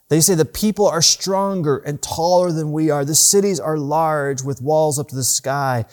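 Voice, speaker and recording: A man preaching a sermon as pastor, rising and slowing down to stress the scripture he reads. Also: a little high, darkish tone. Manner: earnest preaching, rises and slows to stress scripture. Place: church.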